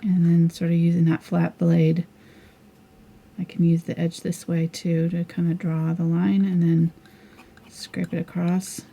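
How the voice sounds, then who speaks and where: A woman's voice: fairly low pitch, monotone, a little slow, gravelly, mellow, slightly rough. A middle-aged woman teaching a live painting tutorial, chatting and thinking aloud as she works. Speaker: painting instructor.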